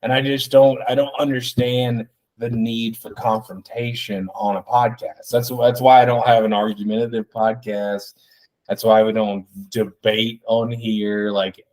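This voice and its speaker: A man in his thirties hosting a solo podcast, rambling and excitable with plenty of swearing. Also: fairly low pitch, measured pace. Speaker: podcast host.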